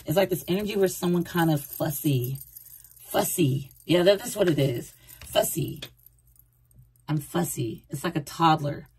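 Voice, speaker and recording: A woman's voice: fairly low pitch, moderate pace, a little mellow, slight background noise. A woman doing a casual tarot reading, rambling and repeating herself as she talks through the cards. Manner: chatty, rambling, repeats phrases, acts out quoted thoughts. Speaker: tarot reader.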